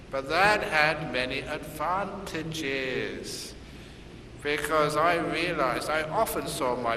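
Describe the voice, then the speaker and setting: Slow, bright-voiced monk giving a dharma talk. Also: male voice, on the high side, a little hiss or hum. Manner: humorous storytelling, laughing at his own jokes. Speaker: Buddhist monk teacher. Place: Singapore, large hall. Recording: echoey hall from far off, faint ambience.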